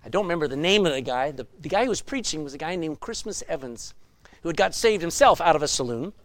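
An older man preaching a sermon, telling stories with sudden loud bursts of emphasis. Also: on the high side, animated, fast, dry recording. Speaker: pastor.

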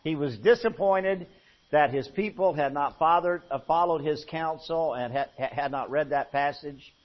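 Delivering a sermon, a male pastor tells folksy stories at a moderate pace, his voice sitting a little high for a man. He drops to a hush, then builds up loud, and the recording comes across dull and muffled.

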